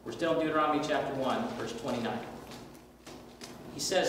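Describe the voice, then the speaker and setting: A man's voice: mid-range voice, brisk, fairly bright tone. A man leading a church Bible class, emphatic and preacherly, asking the class questions. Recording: echoey room from far off, faint noise.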